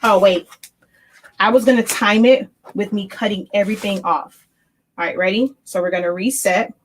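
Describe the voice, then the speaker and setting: A middle-aged woman who owns a small printing business chats casually while she works through a live craft demo. She thinks out loud and corrects herself mid-sentence. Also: medium pitch, normal speed, slight background noise. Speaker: small business owner demonstrating sublimation printing.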